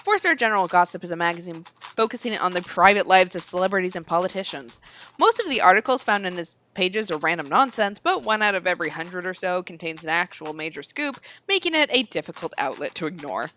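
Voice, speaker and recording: A woman streamer reading a visual novel aloud, expressive and quick to laugh. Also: lowish voice, slight background noise. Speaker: streamer, co-host.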